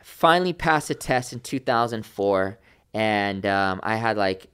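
A young man in his twenties, a podcast guest, telling a story in a lively way and acting out the people he quotes. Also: fairly low pitch, measured pace, smooth. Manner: animated, acts out quoted voices. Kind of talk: casual storytelling.

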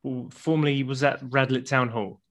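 A man's voice: mid-range voice, steady tone, normal speed, a bit bright. A man from England, a podcast guest bantering bluntly and cheekily. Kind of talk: casual chat.

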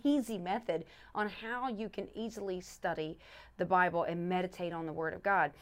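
Co-hosting a casual faith podcast, a middle-aged pastor's wife walks listeners earnestly through a way of studying the Bible. She speaks at normal speed in a fairly low, fairly even voice, frequently restarting and repeating scripture with each word stressed.

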